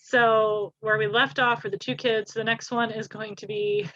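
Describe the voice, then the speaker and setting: A woman's voice: fairly high pitch, flat delivery, moderate pace, bright, forceful tone, dry recording, lo-fi sound. A woman co-hosting a podcast, chatting casually about fan memes and giggling often. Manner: giggly, reads meme captions in little voices. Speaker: podcast co-host.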